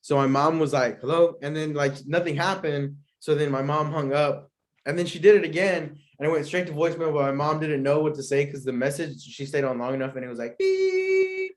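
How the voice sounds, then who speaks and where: A man's voice: a little high, fairly even intonation, fairly quick. A young man hosting his own podcast, telling a story in a rambling, slangy way with lots of fillers and frequent laughs. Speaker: podcast host. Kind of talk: casual storytelling.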